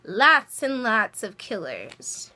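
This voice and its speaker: A woman giving a chatty, animated recap of a TV episode, with lots of fillers and asides. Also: a little high, slow pace.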